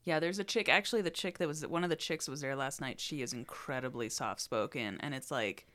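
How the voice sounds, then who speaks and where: A woman's voice: very deep voice, fairly quick, fairly bright tone. A woman in a casual chat, telling stories animatedly, swearing freely and saying "like" and "dude" a lot.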